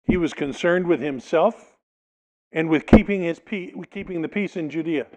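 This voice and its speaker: A man's voice: fairly high pitch, moderate pace, a little mellow, dull audio. A male pastor preaching a sermon, reading a passage aloud and explaining it, sometimes acting out the people in it. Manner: expository preaching, reads scripture then explains it, dramatizes quotes.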